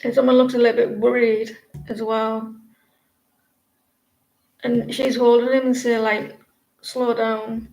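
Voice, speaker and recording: A woman's voice: on the high side, level tone, unhurried, gravelly, pauses often, a little mellow, roomy sound, rough recording. A woman in her forties giving a casual live-stream tarot reading, rambling and chatty, often restarting her sentences. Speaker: tarot reader.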